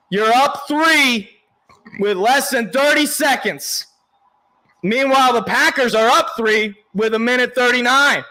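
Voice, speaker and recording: A man giving excited live play-by-play as a fan, yelling at big plays with a voice worn from shouting. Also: very high-pitched, poor audio. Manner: yells and cheers at big plays, sings along. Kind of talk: excited live reaction commentary.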